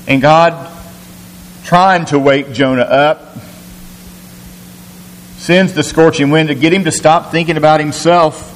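In an echoey hall with faint hiss, a pastor whose voice is on the high side preaches at a measured pace. He teaches through scripture in his sermon, posing rhetorical questions and often restarting sentences.

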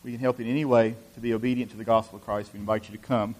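A male preacher giving an earnest sermon, often restarting phrases and filling pauses with "you know.". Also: mid-range voice, level tone, darkish tone, slight background noise.

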